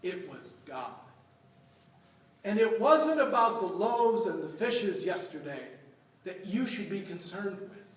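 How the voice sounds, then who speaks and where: A man's voice: high voice, big pitch swings, slow. A man serving as a deacon, giving a conversational sermon and telling stories to his congregation. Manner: storytelling, conversational homily. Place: church. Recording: echoey church from far off.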